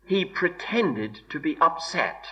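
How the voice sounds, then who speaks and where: Slow, bright-voiced preacher man. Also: fairly high pitch, sing-song. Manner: slow, measured, deliberate emphasis. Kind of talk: expository sermon. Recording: dull lo-fi recording.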